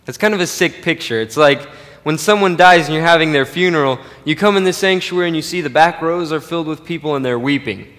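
A pastor preaching a sermon, swinging from loud emphatic peaks to quiet low asides. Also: male voice, fast, big-room sound.

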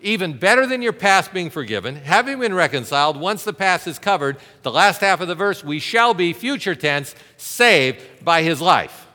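Male pastor, sermon delivery, emphatic and interactive, bright tone with a long hall reverb. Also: sits high, animated, normal speed, few pauses. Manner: emphatic preaching with rhetorical questions and audience interaction.

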